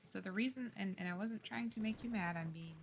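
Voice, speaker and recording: A woman's voice: medium pitch, creaky. A woman playing a tabletop game, asking practical questions and pressing points in casual chat. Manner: questioning, practical, quick to apologize. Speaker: player.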